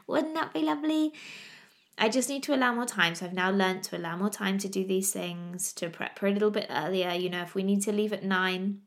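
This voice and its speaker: Mum in her 30s, chatty podcast host, laughs a lot, bit of gravel in the voice. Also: mid-range voice, a little fast, hardly any pauses, fairly bright tone. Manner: chatty, laughing, exasperated storytelling. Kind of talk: casual chat.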